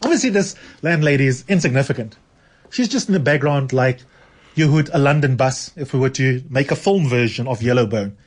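A man's voice: medium pitch, lively intonation, a little fast. A man hosting a radio show, chatting with callers and his guest, often repeating words as he thinks aloud. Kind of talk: casual radio chat and book reading.

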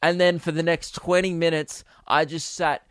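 A young Australian man, a comedian hosting his podcast, telling a rambling story in a crude, self-amused way with bursts of loudness. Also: fairly high pitch, level tone, moderate pace, clean tone, dry recording, clean studio sound. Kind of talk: casual storytelling monologue.

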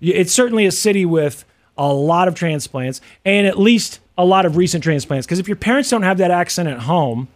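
Midwestern American man co-host, higher-pitched voice, rambling casual talk. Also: lively intonation, fairly quick. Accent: General American Midwest. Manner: chatty, musing, full of fillers and restarts. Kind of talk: casual chat.

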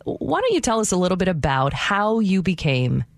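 A woman hosting a radio interview in the studio, upbeat and chatty and quick to laugh. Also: on the low side, very animated, no echo. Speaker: radio host. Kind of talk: casual on-air interview.

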